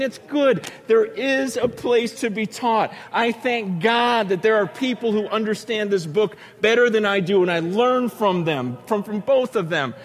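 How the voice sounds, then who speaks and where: A man preaching a sermon, telling stories with acted-out voices and sudden shouts. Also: high-pitched. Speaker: pastor.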